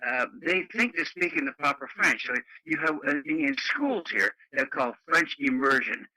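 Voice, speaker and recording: A man's voice: a little high, lively intonation, normal speed, sharp tone, dry recording, poor audio. A man in a rambling, folksy casual chat over the radio. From Canada. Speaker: radio net regular.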